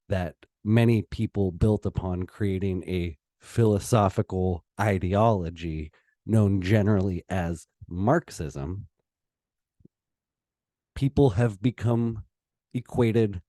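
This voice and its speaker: A man giving a heated solo opinion monologue as a political commentator, pausing and restarting as he gets worked up. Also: lowish voice, warm tone, no room sound, clean studio sound. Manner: impassioned, heated, with pauses and restarts.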